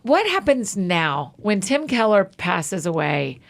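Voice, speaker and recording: A woman's voice: mid-range voice, sing-song, slow pace, gravelly. A woman hosting a podcast, chatty and encouraging as she asks questions. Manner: chatty, encouraging with frequent affirmations. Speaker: podcast host. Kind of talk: casual interview.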